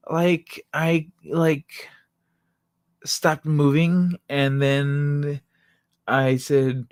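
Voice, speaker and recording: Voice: medium pitch, fairly even intonation, extremely slow, smooth, dry recording, studio quality. A live-stream host casually telling a childhood story to chat, laughing often and swearing freely. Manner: laughs often, loose and profane.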